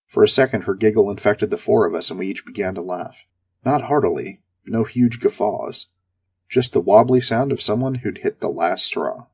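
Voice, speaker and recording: Husky low-voiced male story narrator. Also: normal speed, a little mellow. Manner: sardonic, darkly comic. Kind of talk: scripted first-person story narration.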